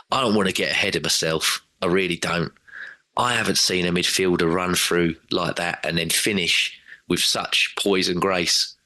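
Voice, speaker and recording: A man talking football as a regular on a casual podcast, animated and rambling, often acting out quotes in other voices. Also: deep voice, no room sound.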